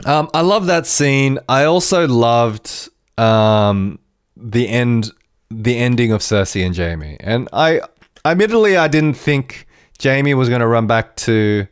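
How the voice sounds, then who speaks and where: A man hosting a podcast, reviewing a TV episode in an animated, rambling way with frequent restarts. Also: medium pitch, takes it slowly, smooth, dry recording, studio quality. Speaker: podcast host.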